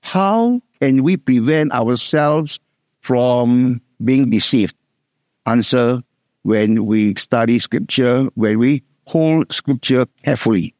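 This middle-aged man speaks with a Singaporean English accent as he preaches, repeating key words and slowing down when he stresses scripture. His voice is medium-pitched and darkish, and the studio-quality recording has no echo.

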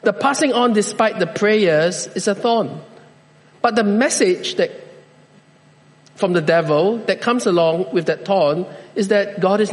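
A man preaching a sermon as pastor, speaking slowly and deliberately with measured pauses. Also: sits high, big-room sound.

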